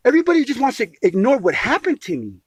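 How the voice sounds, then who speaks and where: Casting note: a man pouring out a grievance, high husky voice, stumbles and repeats, says sweetie a lot. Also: huge pitch swings, fast, no echo. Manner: emphatic, repeats words and calls the listener sweetie; restarts phrases often. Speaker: caller telling his grievance.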